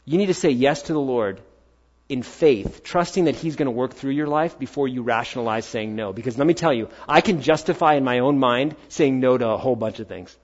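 A man's voice: medium pitch, brisk, dull audio. Man preaching with punchy rhetorical questions. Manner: punchy rhetorical questions, swinging between loud and hushed. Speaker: pastor. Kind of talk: sermon.

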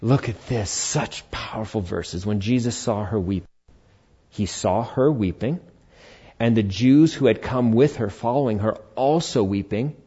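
A man preaching a sermon as pastor, switching between loud emphatic lines and quiet, soft-spoken passages. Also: on the low side, unhurried, breathy edge, lo-fi sound. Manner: swings from loud emphasis to hushed, soft asides.

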